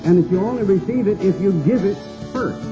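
An older man preaching a sermon, slow and cadenced, building long repeated lists. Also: sits high, dull audio, over music.

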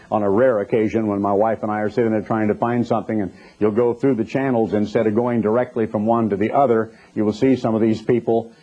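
A man's voice: medium pitch, dark tone. A man preaching a sermon, emphatic and quoting scripture, often putting rhetorical questions to his listeners. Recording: dull lo-fi recording.

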